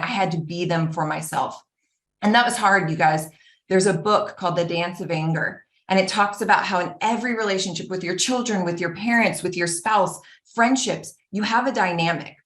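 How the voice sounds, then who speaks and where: A woman giving an earnest, animated personal talk, acting out the voices of the people she quotes. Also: lowish voice, brisk. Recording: roomy echo.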